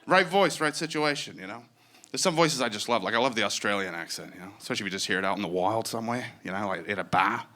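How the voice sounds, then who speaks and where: A man's voice: lowish voice, fast talker, sharp tone. A man doing stand-up comedy in a wry, conversational way.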